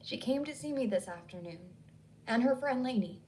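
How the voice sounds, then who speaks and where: A woman voicing an insistent Southern woman with a Southern accent, who stays calm while she presses hard. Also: a little high, normal speed, far from the mic, a little hiss or hum, lightly acted. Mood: urgent, insistent. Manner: calm but pressing, pleading.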